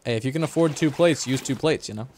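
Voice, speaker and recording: A man's voice: mid-range voice, fast, a little mellow, a little hiss or hum. A man streaming a game live, chatting and joking with his co-player and chat. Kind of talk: casual livestream gaming chat.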